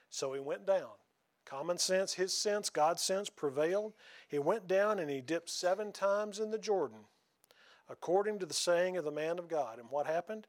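A man's voice: a little high, measured pace. A man preaching a sermon in a folksy, conversational way, often asking the congregation questions.

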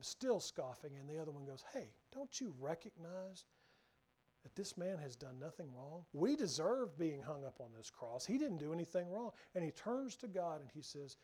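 A man preaching a sermon, earnest, swinging from raised emphasis down to hushed, near-whispered lines. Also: on the high side.

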